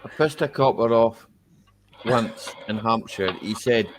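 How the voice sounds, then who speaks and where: A man hosting a casual live-stream chat, halting and laughing often. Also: lowish voice, poor audio. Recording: faint background noise.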